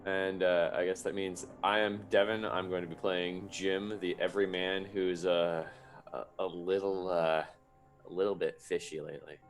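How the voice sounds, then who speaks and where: A man joking playfully as a tabletop game player, with lots of fillers. His voice is very low. Faint music plays underneath. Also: level tone, normal speed. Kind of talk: casual chat.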